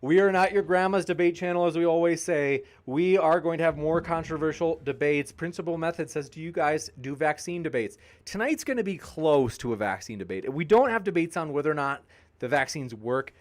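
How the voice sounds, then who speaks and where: A man hosting a debate channel, reading live chat shoutouts with jokey, playful banter and growing tired. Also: a little high, animated, brisk. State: tiring, sipping water.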